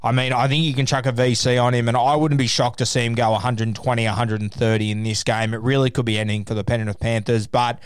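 A man's voice: medium pitch, little pitch movement, quick pace, few pauses, clean tone, no echo. A man casually talking through his rugby league fantasy picks and tips as a podcast host, chatty and opinionated.

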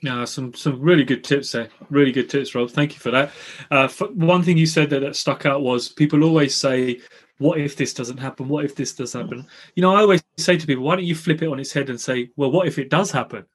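A man's voice: mid-range voice, a little fast, slightly rough. A man hosting a podcast, chatting in an upbeat way and agreeing readily with his guest. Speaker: podcast host. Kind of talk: casual interview chat.

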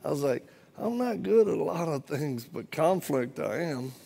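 A man's voice: on the high side, big pitch swings, normal speed, vocal fry, dark tone, breathy edge. A man, a former Marine, preaching a sermon in a church, telling a funny story with acted-out dialogue. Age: adult, former Marine. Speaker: guest preacher. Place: church, live audience.

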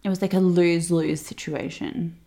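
Young woman co-hosting, lowish voice, reassuring chatty tone. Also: level tone, moderate pace, dark tone. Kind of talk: casual chat.

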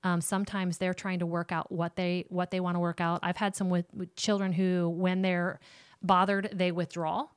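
Low-voiced woman counselor. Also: flat delivery, normal speed, clear, resonant tone, dry recording, clean studio sound. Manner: warm, direct, talks straight to moms. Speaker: ministry counselor and host. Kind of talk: casual faith-based parenting talk.

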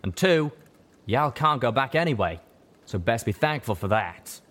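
A man voicing a gruff, blunt cowboy pegasus stallion with a folksy drawl. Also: medium pitch, expressive, measured pace, a bit bright, pitched above the performer's own voice.

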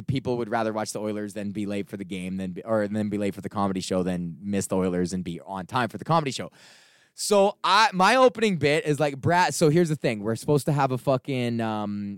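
A young man hosting his own podcast, ranting in a casual, profane, animated way and acting out the people in his stories. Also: medium pitch, clear, resonant tone, no echo, studio quality. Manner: profane, animated storytelling with acted-out quotes. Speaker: podcast host.

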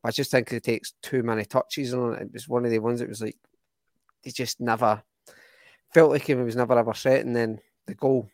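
A man's voice: medium pitch, steady tone, a little fast, a little mellow, no echo. A young Scottish man, co-host of a fan podcast, chatting casually about football, rambling and restarting his sentences. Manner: rambling, restarts often, enthusiastic.

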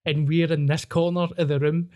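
A Scottish man with a Glaswegian accent, hosting a podcast and telling a wild story in an animated, sweary way, acting out voices. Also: fairly high pitch, moderate pace. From Scotland. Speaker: podcast host. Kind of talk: casual storytelling chat.

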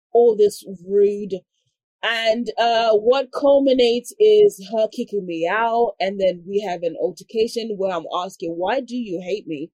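Woman, casual storyteller, husky voice, dry close sound, acts out the dialogue. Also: medium pitch, dry recording. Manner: animated, acts out quoted dialogue; frequent "like" fillers. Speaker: podcast guest telling a story.

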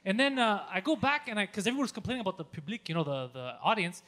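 A man telling a story on a podcast in a casual, animated way, swearing a lot and acting out his own yelling. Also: high-pitched, rapid-fire. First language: Greek. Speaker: podcast co-host.

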